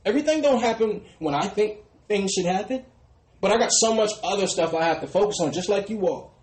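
A man's voice: high voice, expressive, brisk. Preaching man with a roomy echo. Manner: ends phrases with a dropping, quiet "brothers and sisters". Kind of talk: street sermon.

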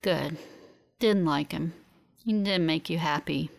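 Woman putting on a fading injured guy, murmuring real slow and faint in an audiobook. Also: low voice, gravelly, heavily acted. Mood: faint, drowsy. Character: weak, injured young man drifting out of consciousness.

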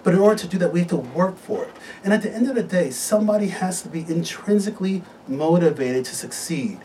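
Enthusiastic male health-show host, mid-pitched, a little distant from the mic with faint hiss. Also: animated, fast, mellow. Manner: upbeat, enthusiastic, promotional. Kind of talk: live studio talk show. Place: radio studio.

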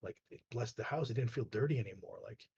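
A man's voice: mid-range voice, fast talker, darkish tone. A man from Canada, a guest, telling a personal story in a loose, rambling way full of "like" and "you know". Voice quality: very husky. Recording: dull lo-fi online call audio.

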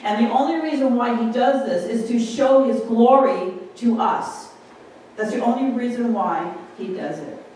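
In a very echoey hall, picked up by a distant microphone over faint room noise, a woman preaches informally and keeps asking her listeners questions. Her voice is a little high and slightly mellow, and she speaks at a measured pace.

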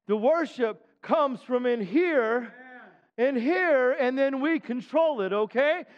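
A man preaching a sermon as pastor in a church, urging the congregation to respond and rising into loud chanted shouts. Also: extremely high pitch, animated, slow, clean tone, long reverb tail, lo-fi sound. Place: church sanctuary.

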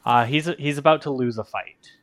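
A man talking casually as a player in a tabletop game, relaxed and halting. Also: mid-range voice, slight background noise. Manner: relaxed, laughing, with halting restarts.

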